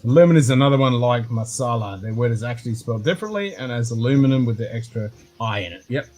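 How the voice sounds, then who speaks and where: An Australian man hosting a whisky livestream, talking fast with slurred, sweary banter. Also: mid-range voice, lively intonation, over music, rough recording. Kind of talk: casual livestream chat.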